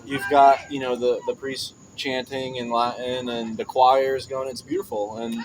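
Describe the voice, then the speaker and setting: A man's voice: medium pitch, flat delivery, unhurried, a little hiss or hum, low-quality recording. A young man, a podcast guest, chatting casually and telling jokey stories with frequent laughs. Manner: joking storyteller, laughs often. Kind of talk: casual chat.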